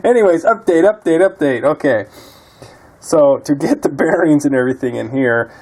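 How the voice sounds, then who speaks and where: A man's voice: a little high, lively intonation, moderate pace, darkish tone. A man talking casually while repairing a quad in his garage, muttering and cursing often. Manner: profane, frustrated muttering. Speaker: DIY mechanic vlogger.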